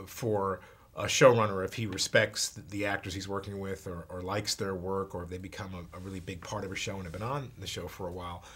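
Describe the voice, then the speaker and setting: A man, an actor, telling a story in an interview, halting and repeating words, sometimes dropping to a hush. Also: deep voice, flat delivery, breathy edge.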